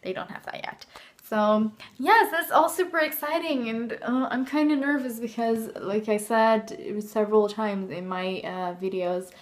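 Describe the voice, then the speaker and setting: A woman's voice: on the high side, a little slow. Young dutch woman rambling to her camera in her bedroom, lots of ums and little laughs, easygoing vlog chat. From Netherlands. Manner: rambling and chatty, laughs often, many fillers. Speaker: vlogger.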